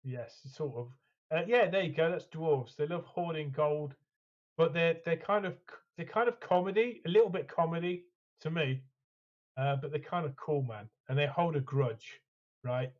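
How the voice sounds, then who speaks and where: A man with a fairly high voice co-hosts a hobby chat, rambling keenly and filling gaps with "uh" and "man". His sound is dull and lo-fi. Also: normal speed. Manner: enthusiastic, rambling, lots of fillers. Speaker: co-host.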